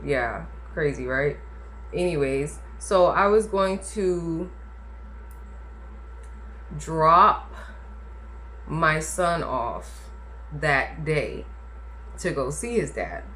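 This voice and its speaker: Low-voiced woman telling a story casually. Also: expressive, extremely slow, pauses often, a bit bright. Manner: chatty, emphatic, frequent "like" and "okay?" asides. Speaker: vlogger telling her birth story.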